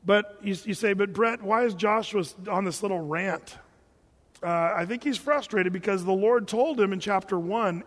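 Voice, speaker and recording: A man teaching through a Bible chapter as a pastor, conversational and animated, acting out the quotes. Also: high-pitched, normal speed. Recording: long hall reverb.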